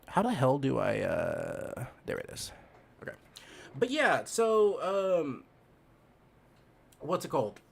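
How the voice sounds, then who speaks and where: A man's voice: on the high side, wildly swooping pitch, slow pace, gravelly, pauses often, breathy edge. A young man streaming a game and telling a childhood story in a rambling, profane way, laughing as he goes. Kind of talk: casual storytelling while gaming.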